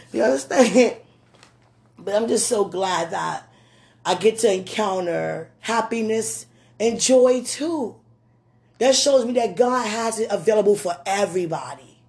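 A woman in a casual talk to camera, laughing often, with loose slangy speech and warm words to a loved one. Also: medium pitch, measured pace, vocal fry. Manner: affectionate, addresses a loved one.

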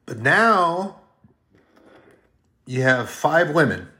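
A man's voice: a little high, sing-song, drawn-out words, sharp tone. A man preaching in a folksy, rambling storytelling style, now and then acting out short quoted voices. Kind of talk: storytelling sermon.

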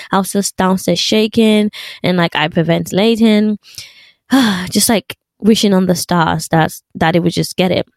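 A young woman vlogger telling a story in casual chat, animated and full of fillers. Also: fairly low pitch, moderate pace, no room sound.

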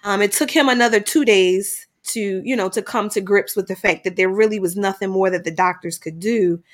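A middle-aged woman telling a personal story in conversation, animated at times and quiet at heavy moments. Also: medium pitch. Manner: animated, acts out dialogue in quick bursts. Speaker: guest sharing a personal story.

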